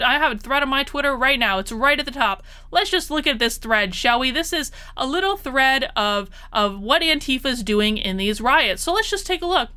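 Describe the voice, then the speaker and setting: A woman's voice: high voice, bright, forceful tone, clear, resonant tone. A woman talking straight to her audience in a casual monologue, exasperated and repeating herself for emphasis. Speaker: political commentary vlogger.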